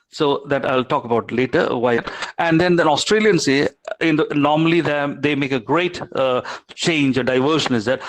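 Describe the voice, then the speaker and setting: A man giving an online lecture, halting, with many fillers and restarts. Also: medium pitch, poor audio.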